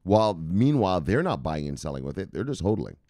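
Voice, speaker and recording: Crypto channel host from Jamaica, a lowish-voiced man in a sarcastic, swearing rant with big swings in pitch, in a dry, close sound. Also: big pitch swings, fairly quick, mellow, no room sound. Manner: profane, heated, sarcastic. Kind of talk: casual opinion rant to camera.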